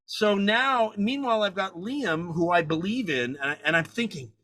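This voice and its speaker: A man in his sixties, a film director as a guest, telling lively anecdotes, acting out quotes and swearing casually. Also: sits high, normal speed. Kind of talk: animated anecdote storytelling.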